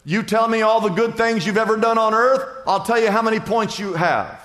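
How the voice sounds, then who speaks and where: A man's voice: sits high, brisk, a bit bright. A man voicing Saint Peter as a matter-of-fact gatekeeper at heaven's gates, in a sermon joke. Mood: dry. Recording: echoey church hall.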